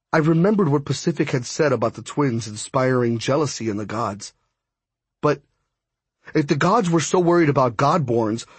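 A man reading a first-person audiobook in a measured, steady way. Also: mid-range voice, husky, dry recording. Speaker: audiobook narrator.

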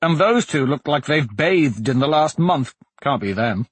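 A man voicing a brash, restless young swordsman in a storybook reading, loud and teasing. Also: on the high side, animated, unhurried, slightly rough, no room sound, voice pushed up.

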